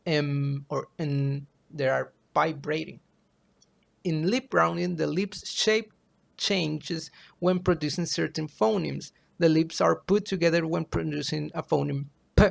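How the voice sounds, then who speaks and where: Gravelly-voiced man giving a class talk. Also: a little high. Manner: halting, reads from slides. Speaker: student presenter. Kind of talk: class presentation on phonetics.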